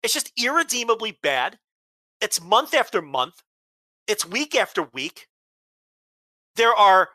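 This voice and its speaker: A male podcast host in a blunt, exasperated rant, swearing freely. His voice is bright and sharp. The recording is dry and close. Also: high-pitched, big pitch swings, a little slow, long pauses, no echo. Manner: blunt, profane, exasperated ranting. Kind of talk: casual chat, ranting.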